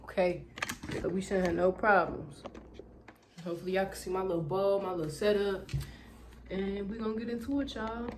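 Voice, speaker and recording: Young woman hosting a casual storytime vlog at home, lively and foul-mouthed, recorded with clear background noise. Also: medium pitch, moderate pace, pauses often. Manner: loud, animated, profane chatter. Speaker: YouTuber. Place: home room with backlight. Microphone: camera in front of her.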